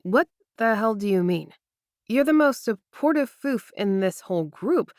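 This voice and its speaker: A woman's voice: mid-range voice, animated, a little slow, a little mellow, no echo, clean studio sound, natural voice. A woman narrator voicing a blunt, affectionate woman friend in an audiobook. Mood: fond.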